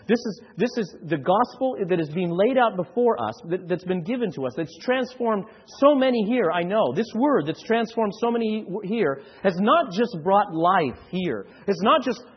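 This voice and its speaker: A man's voice: high-pitched, big pitch swings, normal speed, few pauses, husky. Fired-up preacher guy, voice jumps all over, echoey church hall, muffled. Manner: impassioned preaching, building from quiet to loud; repeats words when stirred. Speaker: pastor. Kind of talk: sermon. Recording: dull sound, long hall echo.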